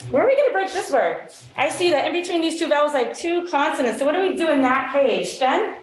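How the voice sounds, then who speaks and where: A woman teacher leading a classroom phonics demonstration with brisk quizzing questions and quick praise. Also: sits high, lively intonation. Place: meeting room. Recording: echoey room.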